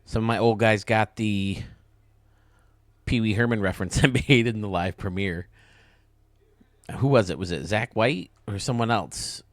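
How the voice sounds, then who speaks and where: A young man hosting video game commentary, enthusiastic and casual, heaping quick praise on what he shows. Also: lowish voice, dry recording. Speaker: host.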